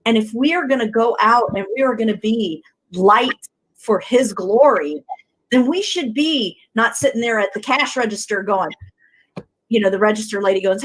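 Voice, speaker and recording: A woman's voice: a little high, moderate pace, breathy edge, rough recording. A woman co-hosting a Christian talk show, chatting animatedly and acting out voices in her stories. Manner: animated, acts out quoted voices. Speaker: co-host. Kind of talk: faith talk show chat.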